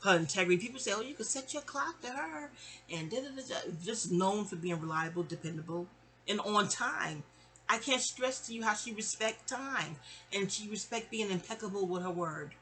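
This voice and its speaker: A middle-aged woman from New York tells a personal story to the camera in a loose, chatty storytime monologue. Her voice is bright and forward. She talks in an animated way and keeps slipping into other people's voices as she goes. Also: mid-range voice, normal speed.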